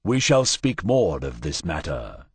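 A man voicing a ponderous, elephant-like male alien ambassador who speaks slowly and stately. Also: a bass voice, very animated, breathy edge, no room sound, voice pushed down, full character voice. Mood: puzzled. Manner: slow, puzzled, stately.

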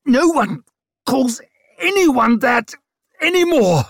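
A man's voice: very high-pitched, big pitch swings, slow, sharp tone, husky, no echo, clean studio sound, pitched above the performer's own voice, exaggerated voice. Man voicing a snarling woman screaming curses. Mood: furious. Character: furious young noblewoman in labour.

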